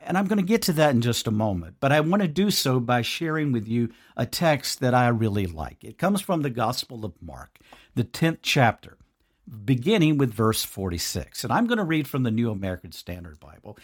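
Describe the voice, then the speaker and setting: Husky-voiced man hosting a devotional podcast. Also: mid-range voice, very animated, normal speed. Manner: earnest, conversational, addresses listener directly. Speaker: podcast host.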